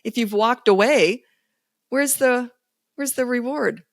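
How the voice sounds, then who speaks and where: A woman's voice: on the high side, slow, dry recording, studio quality. A woman speaking as a parenting coach guest in a casual podcast interview, blunt, emphatic and sure of herself. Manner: blunt, emphatic and self-assured.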